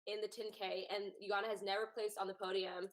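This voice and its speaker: A woman's voice: mid-range voice, flat delivery. Chatty woman sports podcast host. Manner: chatty, many fillers, quick asides. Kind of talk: casual sports chat.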